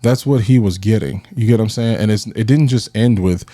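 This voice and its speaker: Low, mellow-voiced man telling a story. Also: fairly quick, no room sound. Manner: animated, acts out friends' voices in quotes; addresses listeners directly, repeats phrases. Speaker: podcast host. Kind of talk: casual storytelling chat.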